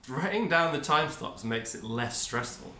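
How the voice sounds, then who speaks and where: A man's voice: fairly high pitch, expressive, normal speed, bright, forceful tone. A man giving a rambling, upbeat self-help monologue, often cutting himself off mid-word. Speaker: vlogger. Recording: echoey room.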